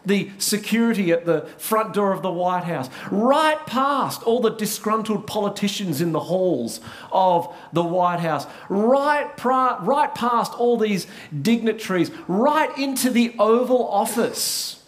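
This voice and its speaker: Australian male pastor, high voice, unhurried earnest sermon storytelling, repeats words as he goes. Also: animated.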